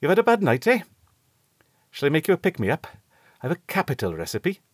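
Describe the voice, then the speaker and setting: A man's voice: fairly high pitch, wildly swooping pitch, a little fast, breathy edge, no room sound, clean studio sound, pitched above the performer's own voice, heavily acted. A man reading an audiobook, voicing a blunt, superstitious ship's doctor who is curt and stubbornly sure of himself. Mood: triumphant.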